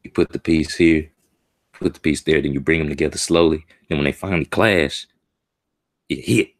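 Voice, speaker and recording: A man streams a live reaction to a comic chapter in a rumbling low voice at normal speed. He speaks casually and emotionally in slang, muttering to himself as he reads.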